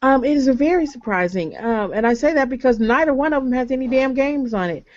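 A woman in her thirties co-hosting a casual gaming podcast, chatty and quick to laugh, with plenty of ums. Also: high voice, no echo. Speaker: podcast co-host. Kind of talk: casual chat. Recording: slightly dull lo-fi call audio.

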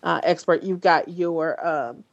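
A woman's voice: lowish voice, steady tone, unhurried, vocal fry, highs cut off. A woman hosting a podcast in casual talk, speaking bluntly with frequent swearing, fillers and restarts. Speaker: podcast host.

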